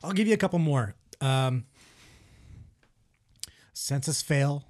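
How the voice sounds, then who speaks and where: A man's voice: on the high side, expressive, slow pace, a little mellow. A man co-hosting a podcast, running a music guessing game in casual, playful banter full of teasing and swearing. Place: small room with a window.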